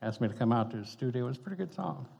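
A man's voice: medium pitch, animated, racing, vocal fry, darkish tone, husky. An older man, a pastor telling stories in a folksy, conversational sermon, chuckling between points. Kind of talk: storytelling sermon. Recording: dull reverberant hall sound.

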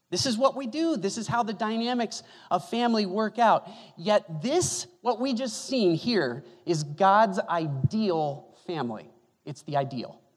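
A man preaching a sermon as pastor, animated and joking, moving from loud bursts to hushed asides. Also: high voice. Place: church hall. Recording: long reverb of a hall.

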